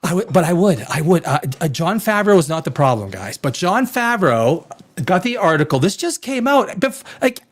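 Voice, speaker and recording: A man hosting a rowdy live stream, loud and rambling, swearing and reading chat comments aloud, a little tipsy from wine. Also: sits high, moderate pace. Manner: animated, swings between shouting and muttering. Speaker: live show host.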